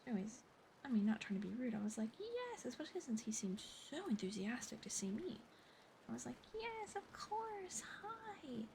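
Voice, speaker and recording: A young woman whispering softly on an ASMR livestream, chatting and giggling with viewers as she thanks them and tells a story. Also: fairly high pitch, fast talker, creaky, a little hiss or hum. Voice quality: soft whispery voice. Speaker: streamer. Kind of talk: whispered ASMR stream chat.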